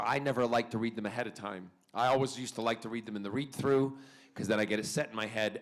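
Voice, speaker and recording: A man at a fan convention panel, telling stories to the crowd in a playful, theatrical way and laughing often. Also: fairly low pitch. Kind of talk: animated anecdote telling to a crowd. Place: convention hall stage.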